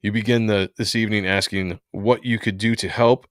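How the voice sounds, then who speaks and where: A man reading aloud as a proper elderly butler, stern and loyal. The lines come slow and composed, in a lowish voice. The sound is close and dry. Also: fairly even intonation, a bit bright, no room sound, close to an everyday voice. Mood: dignified. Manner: measured, proper reading of comic dialogue.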